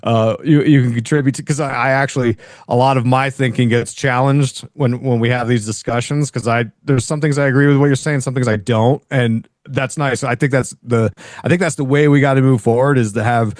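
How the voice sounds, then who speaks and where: A man as a podcast guest, speaking in a halting, agreeable way with many restarts. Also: medium pitch, fairly even intonation, a little mellow, no echo, studio quality. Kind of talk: casual chat.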